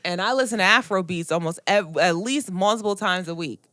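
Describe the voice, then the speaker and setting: A young woman co-hosting a casual podcast, talking in an animated, opinionated way with quick asides. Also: lowish voice, no room sound, studio quality. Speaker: podcast co-host. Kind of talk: casual chat.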